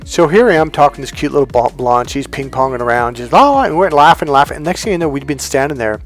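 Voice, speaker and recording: A man's voice: mid-range voice, expressive, fast, soft background music. Blunt, profane male dating coach. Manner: blunt, swears freely, acts out quoted lines. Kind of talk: storytelling monologue to camera.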